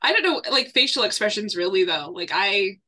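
Bright-voiced woman telling a story. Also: medium pitch, fairly quick. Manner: animated storytelling, laughs often. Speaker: online fitness and nutrition coach, guest. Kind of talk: casual podcast chat.

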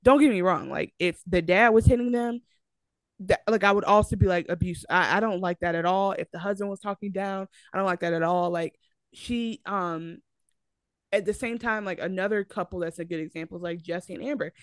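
A woman's voice: mid-range voice, brisk, no room sound. Dry, fired-up woman podcast co-host. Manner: animated, argumentative, lots of fillers and restarts. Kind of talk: casual chat.

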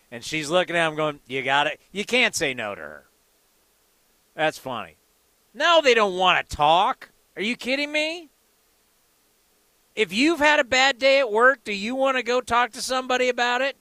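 Male sports radio host, excitable and rhetorical, high bright voice. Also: no room sound. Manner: excitable, rhetorical questions, acts out quotes. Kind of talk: animated sports talk commentary.

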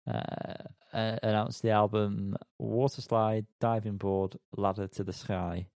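A man's voice: lowish voice, flat delivery, a little slow, a little mellow, dry recording, clean studio sound. A man hosting a casual music news podcast, chatty and self-mocking as he reads out the news. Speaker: podcast host.

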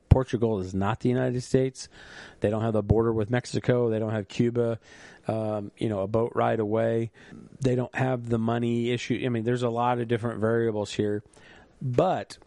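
A man's voice: medium pitch, darkish tone, dry recording. A middle-aged man hosting a podcast, talking in an earnest, reflective way and telling a story. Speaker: podcast host. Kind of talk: casual solo podcast monologue.

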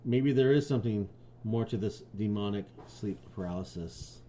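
A man's voice: lowish voice, normal speed, warm tone, slight background noise. A man co-hosting a podcast, joking crudely and reading stories aloud. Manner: crude, joking, laughs a lot. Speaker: podcast co-host.

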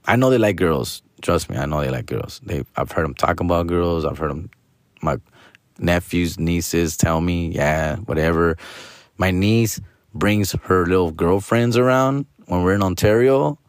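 A man's voice: sits low, unhurried, dry recording, studio quality. A middle-aged man hosting a casual podcast monologue, talking in a slangy, profane, rambling way and mixing in Spanish words. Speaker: podcast host.

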